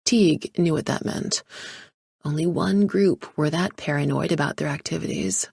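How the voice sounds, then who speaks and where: A woman narrating a thriller audiobook in a measured storytelling style, close to the mic. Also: low-pitched, creaky, a little mellow, breathy edge, no echo.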